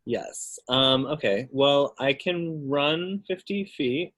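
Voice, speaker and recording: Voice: mid-range voice, slow pace, a bit bright. A cheerful, chatty player in a tabletop game, describing their turn.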